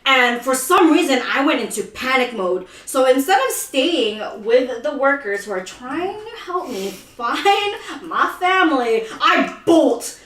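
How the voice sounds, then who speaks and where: Animated woman from the philippines telling a story, high voice jumping all over, echoey room, mic kinda far. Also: measured pace, hardly any pauses. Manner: animated, laughing, acts out voices. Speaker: co-host. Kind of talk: casual storytelling. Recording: roomy echo, mic at a distance.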